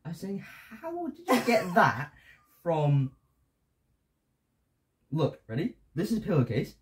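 A man's voice: fairly high pitch, wildly swooping pitch, slow pace, slight background noise. A young man playing a guessing game with his mother, teasing her and laughing as he bosses her about. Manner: teasing, amused, bossy in play. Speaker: son in family vlog. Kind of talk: casual family game chat.

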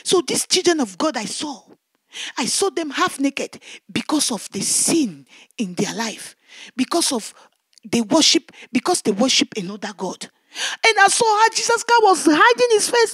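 Woman evangelist, very high voice, emotional testimony, repeats words, dry close sound. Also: very animated, normal speed, fairly bright tone, no echo. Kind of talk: testimony preaching.

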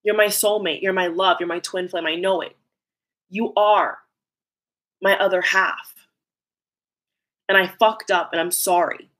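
A woman's voice: lowish voice, steady tone, measured pace, long pauses, fairly bright tone. A woman voicing a remorseful lover who begs forgiveness in blunt, emotional first-person lines, delivered as a channeled message. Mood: pleading. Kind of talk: channeled message spoken aloud.

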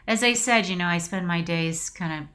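Woman in her forties, actress guest, bright and fairly low voice, halting and reflective, near tears. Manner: reflective, halting, many restarts. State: emotional, choked up. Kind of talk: casual video interview.

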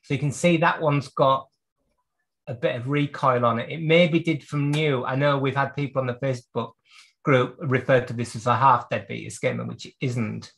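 Man, clock repairer, live video call, mid-pitched, thinks aloud, step-by-step explanations. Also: steady tone, moderate pace, vocal fry, fairly bright tone. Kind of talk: live workshop demonstration.

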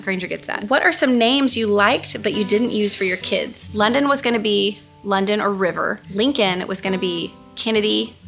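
A woman in her thirties hosts a relaxed question-and-answer chat. She talks earnestly and gushes, often repeating herself, with a gravelly edge to her voice. Music plays clearly behind her. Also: medium pitch. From Texas. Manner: earnest and gushing, repeats phrases. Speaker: host. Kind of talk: casual Q&A chat. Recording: music playing in the background.

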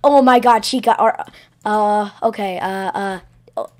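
A woman voicing a roleplay over a game, stammering and breaking into frantic yelling bursts. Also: mid-range voice, unhurried. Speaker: gameplay roleplayer. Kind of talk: voiced roleplay over gameplay.

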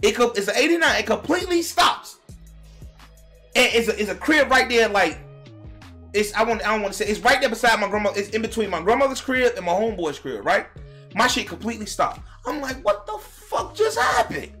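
Young guy for a vlog storytime: lively swooping delivery, bright edge, loud cussing bursts, faint music under it. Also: high-pitched, a little fast. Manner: animated, profane, talks straight to viewers, bursts into shouts. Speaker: vlogger telling a personal story. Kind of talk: casual storytime monologue to viewers.

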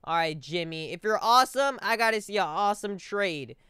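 A man's voice: sits high, expressive, brisk, sharp tone, clear, resonant tone, dry recording, studio quality. A man giving casual gameplay commentary as a video host, rambling, tripping over numbers and calling everyone "bro".

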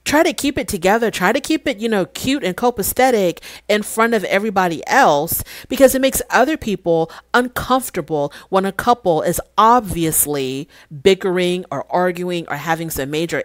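Opinionated woman with a low, dry voice. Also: dry recording. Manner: opinionated, animated retelling with quoted voices. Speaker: reality TV reviewer. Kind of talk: casual commentary review.

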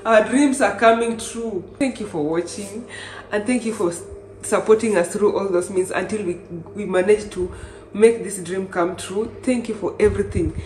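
A young Kenyan woman narrating her travel vlog in a chatty, excitable way. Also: fairly low pitch. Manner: chatty and excitable, with bursts of exclamation. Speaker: travel vlogger. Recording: echoey room with faint noise.

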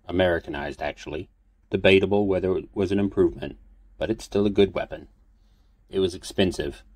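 A man reading a fan fiction audiobook in a calm, steady storytelling manner. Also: low-pitched, no room sound. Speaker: audiobook reader.

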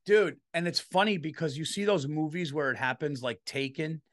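Animated New man telling stories. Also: a little high, moderate pace. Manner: loud, animated storytelling with frequent "dude". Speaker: podcast host. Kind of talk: casual comedic storytelling.

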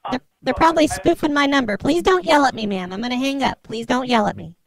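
Housewife played by a man, high and fry-laden, stammering and sharp-tongued on a prank call. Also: fast, crowd noise. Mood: defensive. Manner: defensive, stammering, curses back. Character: bickering middle-aged housewife, defensive and sharp-tongued.

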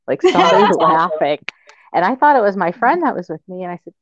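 Low-voiced woman telling tunnel stories. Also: rapid-fire, hardly any pauses, dull audio. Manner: relaxed storyteller who acts out dialogue. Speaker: guest. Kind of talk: casual chat.

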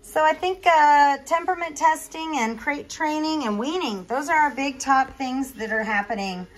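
Chatty breeder woman, slightly high voice. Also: moderate pace, poor audio. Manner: chatty, coos in a higher voice to the puppies. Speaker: dog breeder. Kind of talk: casual chat to camera.

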